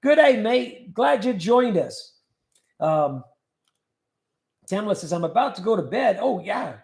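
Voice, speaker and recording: A man's voice: sits high, very animated, measured pace, vocal fry, a little mellow, roomy sound. A man hosting a casual livestream, reading viewer comments aloud and joking about them. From California. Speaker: livestream host reading chat.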